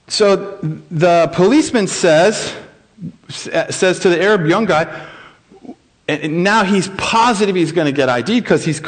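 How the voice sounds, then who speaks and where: Middle-aged guy preaching, tells the story big, voice goes high and low, acts out the people. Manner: animated storyteller acting out quoted voices. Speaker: pastor. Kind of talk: sermon storytelling.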